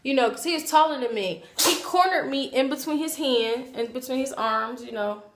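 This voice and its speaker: A woman's voice: high-pitched, moderate pace. Chatty woman telling a story to camera. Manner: animated, acts out quoted voices, chatty asides. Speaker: vlogger.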